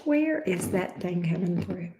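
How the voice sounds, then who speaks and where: A woman's voice: fairly low pitch, lively intonation, measured pace, vocal fry, noisy background. Woman, Southern drawl, casual livestream chat, affectionate pet names, echoey room. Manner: chatty, uses endearments like babes and love bug. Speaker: tarot reader livestream host.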